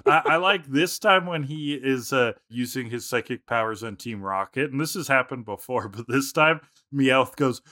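Upbeat male podcast co-host, bright voice with a lot of pitch movement, giggly banter. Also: dry recording, clean studio sound. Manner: animated, laughs often, does quick character voices. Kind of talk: casual chat.

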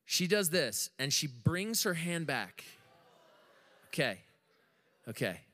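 Lively bright-voiced American preacher. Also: male voice, a little high, takes it slowly, in a large hall. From United States. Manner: animated, jokey storytelling to a live congregation. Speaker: pastor. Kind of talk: sermon. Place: church room with audience.

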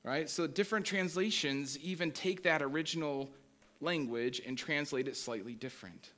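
A man's voice: on the high side, sharp tone. A man, a pastor, preaching a conversational sermon, reading scripture aloud and asking the congregation questions. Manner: reads scripture aloud slowly.

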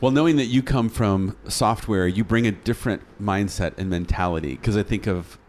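A man with a fairly low voice hosts a conversation, enthusiastic and encouraging as he asks his guest questions. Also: moderate pace, darkish tone, a little hiss or hum. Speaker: interviewer and consultant. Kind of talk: casual interview conversation.

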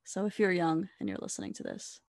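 Lively young woman co-hosting a podcast. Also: on the low side, fast talker, gravelly, no echo, studio quality. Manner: animated, acts out quoted voices, many fillers and restarts. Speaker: podcast co-host. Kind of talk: casual chat.

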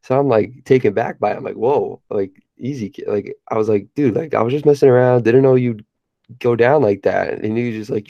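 A young man co-hosting a podcast, telling a long story in a relaxed way, laughing often and filling with "like". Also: medium pitch, fast, gravelly, no echo, muffled recording. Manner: laid-back storyteller, laughs often, many fillers. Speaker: podcast co-host. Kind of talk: casual chat.

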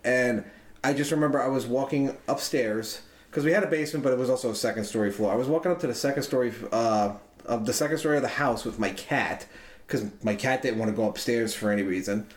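Quick-paced and mid-range, a podcast co-host rambles through a long story for his friends, chatty, loose and swearing liberally. The recording has a roomy echo.

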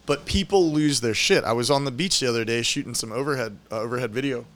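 A man's voice: mid-range voice, fast talker, a bit bright, slight background noise. A man organizing an event, talking in a laid-back, slangy way and swearing freely. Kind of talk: casual chat.

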